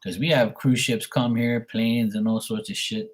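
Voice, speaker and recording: A man's voice: medium pitch, fairly even intonation, normal speed, breathy edge. A man, hosting a live tarot stream, telling a rambling, profane story and answering his viewers. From Bermuda. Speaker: tarot reader livestream host. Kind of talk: casual livestream chat.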